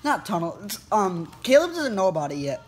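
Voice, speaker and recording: A man's voice: high-pitched, sing-song, brisk. A teenage boy vlogging, retelling an incident in a rambling way full of fillers. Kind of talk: casual storytelling to camera.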